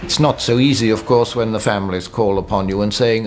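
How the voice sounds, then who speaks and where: A man speaking as a government official in an interview, weighing arguments in a deliberate way. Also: fairly low pitch, steady tone, a little mellow.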